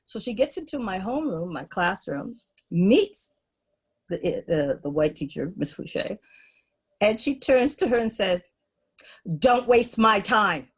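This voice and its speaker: Animated woman telling a story. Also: mid-range voice, unhurried, slightly rough. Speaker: guest. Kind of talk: storytelling in a podcast interview.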